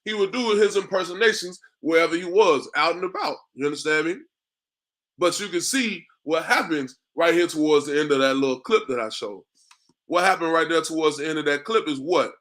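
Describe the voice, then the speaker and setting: A man gives a street sermon in a bright, slightly high voice. His talk is loose and repetitive, full of "man" and "bro". He keeps checking in with his listeners. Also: fairly quick. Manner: repetitive, asks "you understand me?" often; conversational, drops in "man" and "bro". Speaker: street preacher.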